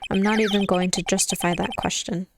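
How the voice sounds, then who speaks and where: A woman voicing a dry, weary young male lawyer in a lowered, flat, sarcastic voice. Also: brisk, noisy background, natural voice. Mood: deadpan. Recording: game music playing behind.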